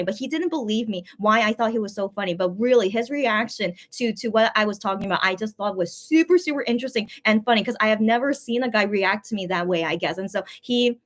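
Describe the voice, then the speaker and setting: Fast-talking young woman telling a story. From USA. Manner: rambling, restarts, excited high-pitched quoted exclamations. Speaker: vlogger recounting a fan meeting. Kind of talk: casual storytelling to viewers.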